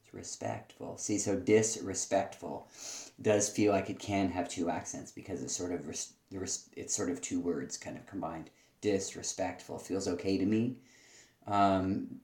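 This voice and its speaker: Male teacher, low voice, thoughtful and halting, echoey room. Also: fairly even intonation, darkish tone. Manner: thoughtful, hesitant, many pauses. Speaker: teacher giving feedback. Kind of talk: spoken feedback on student writing.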